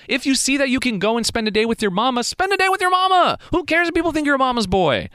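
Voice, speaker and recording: A man's voice: sits high, a bit bright, no echo, clean studio sound. A man delivering a fired-up, preachy motivational monologue to viewers, laughing often. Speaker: vlogger giving life advice.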